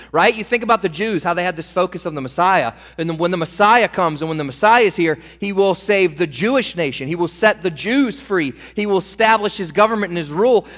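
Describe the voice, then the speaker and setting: A male preacher delivering a sermon, slowing down to stretch and stress key words. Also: high voice, a bit bright. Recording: reverberant hall.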